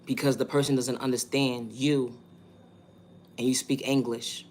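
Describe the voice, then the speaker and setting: At a measured pace, a New York-accented man talks through his vlog monologue, emphatic and repetitive, posing rhetorical questions. His mid-range voice is darkish in tone and barely moves in pitch, and there's a little hiss or hum.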